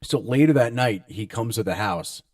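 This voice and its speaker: A man's voice: medium pitch, animated, moderate pace, no echo, studio quality, distant mic. A man casually telling a story, quoting other people's lines in a laid-back podcast chat. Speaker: podcast co-host.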